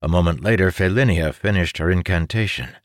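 Male audiobook narrator, low register, dry close sound, dramatic fantasy reading. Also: fairly quick, no echo. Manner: dramatic reading, voicing characters' shouts.

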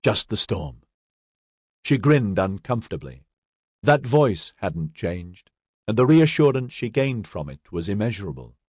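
A man reading a science fiction story aloud in a measured, expressive way. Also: lowish voice, slightly rough, no room sound, studio quality. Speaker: audiobook narrator. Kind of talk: scripted narration.

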